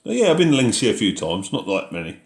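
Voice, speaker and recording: A man's voice: medium pitch, huge pitch swings, quick pace, roomy sound. A man hosting a casual live question-and-answer chat about farming, reading out viewer messages and answering them in an easygoing way.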